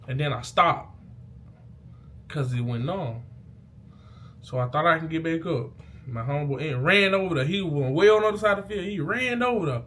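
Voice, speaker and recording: Young man, casual vlog storyteller, animated and slangy, with faint background noise. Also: fairly high pitch, normal speed, long pauses. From Mississippi. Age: young adult. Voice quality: slangy, animated storytelling, loud bursts at the peaks. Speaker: vlogger. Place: indoors, talking into a mirror.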